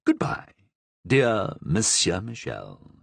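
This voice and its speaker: A man's voice: fairly low pitch, wildly swooping pitch, takes it slowly, no room sound, full character voice. A man doing a wry, powerful cardinal. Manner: smooth, ironic, commanding. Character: shrewd, wry, powerful older male cardinal.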